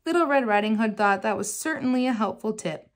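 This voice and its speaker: A woman reading a children's picture book aloud in a gentle, measured storytelling manner. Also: on the high side, animated.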